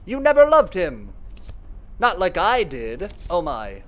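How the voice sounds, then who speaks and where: Man putting on a tearful young woman, high and swooping, high-strung, sobbing. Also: big pitch swings, unhurried. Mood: distraught. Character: weepy, distraught young woman passenger.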